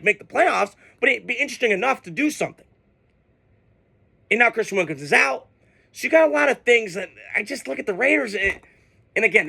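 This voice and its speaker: A man's voice: high voice, vocal fry, bright, forceful tone, slightly rough. A man hosting a sports show, ranting casually with heated, profane, exasperated outbursts. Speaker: sports podcast host.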